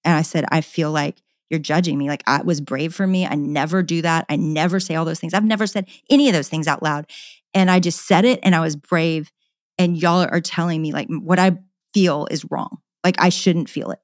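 A woman's voice: low-pitched, brisk, no room sound, clean studio sound. A middle-aged woman, a podcast guest, candidly telling a personal story in an earnest, passionate way and often repeating words.

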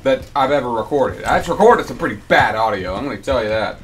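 A man's voice: mid-range voice, animated, fairly quick, a bit bright, a little hiss or hum. A man, griping and rambling with stammers as he records commentary over his gameplay at home. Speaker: let's player. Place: home room with air conditioner.

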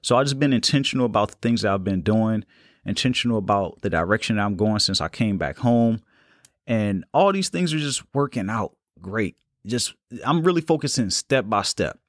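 A young man hosting a solo podcast, talking in a calm, unhurried, reflective way. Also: fairly low pitch, no room sound, clean studio sound. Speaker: podcast host. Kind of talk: casual solo podcast talk.

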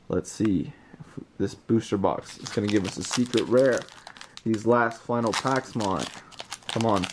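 A man giving casual unboxing commentary, reading card names aloud and getting excited over rare pulls, with words like bro and mate. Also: medium pitch, slight background noise. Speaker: card collector opening booster packs.

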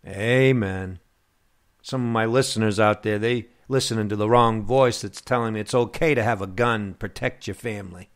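A man preaching a sermon to his listeners, slow and emphatic, with long pauses. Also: lowish voice. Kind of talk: radio sermon.

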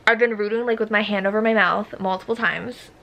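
A young woman chatting in a casual reading vlog, excitable and anxious, close to tears. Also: mid-range voice, fairly quick, creaky. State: teary, close to crying. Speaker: book vlogger.

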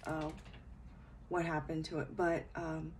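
A tired woman giving a casual late-night spiritual talk at home, speaking softly and hesitantly with many fillers, then guiding a meditation. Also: low-pitched, little pitch movement, slow, a little hiss or hum, poor audio. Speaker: spiritual reader.

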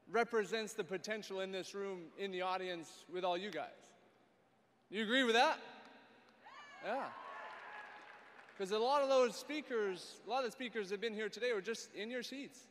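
A man's voice: high voice, moderate pace, pauses often, fairly bright tone. Upbeat male emcee in an arena. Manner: upbeat, rallying applause. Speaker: event host. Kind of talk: emcee hyping crowd. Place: large arena stage. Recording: long arena reverb, crowd and noise.

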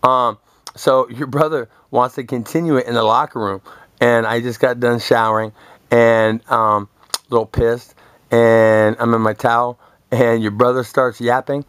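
A man's voice: medium pitch, level tone, moderate pace, a bit bright, clean tone, dry recording. Boastful, foul-mouthed young man ranting. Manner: boastful, crude and confrontational, swearing constantly. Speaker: vlogger. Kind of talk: profane rambling monologue to camera.

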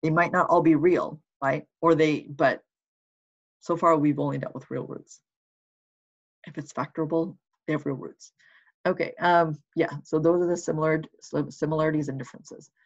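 A math teacher records a lesson, working through problems aloud in a casual, reassuring way and checking in with listeners as the writing goes along. The voice sits in a middle pitch with a gravelly edge. The recording is slightly muffled and lo-fi. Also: steady tone, normal speed. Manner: encouraging and reassuring.

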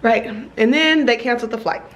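A woman's voice: a little high, a little fast. A young woman in her twenties vlogging from a hotel room, hungover, chatting casually in slang and laughing often. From Los Angeles. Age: 20s. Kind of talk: casual vlog chat.

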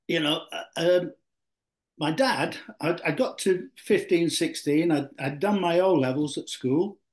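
An older man from Yorkshire, England, once a footballer, speaks unhurriedly in a voice on the high side. Being interviewed, he tells long, rambling stories packed with fillers and restarts.

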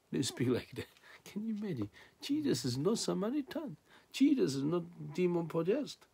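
A man's voice: high-pitched, big pitch swings, moderate pace, gravelly, dark tone. A man preaching a sermon in non-native English, reading scripture and then explaining it with rhetorical questions.

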